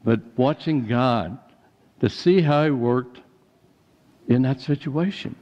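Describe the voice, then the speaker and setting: An older man preaching a sermon, telling personal stories in a folksy way and becoming animated when he quotes others. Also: mid-range voice, slow pace. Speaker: pastor. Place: church sanctuary. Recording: dull church recording with long reverb.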